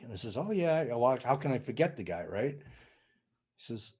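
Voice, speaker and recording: A man's voice: medium pitch, moderate pace, husky. A man who works as a sound healer, telling a story in a casual chat and acting out the dialogue. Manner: animated storyteller, acts out dialogue. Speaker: sound healing practitioner, podcast guest.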